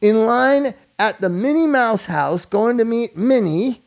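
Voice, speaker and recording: Gravelly man telling a lively story. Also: very high voice, a little slow. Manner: animated storyteller, acts out quoted people. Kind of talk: casual chat.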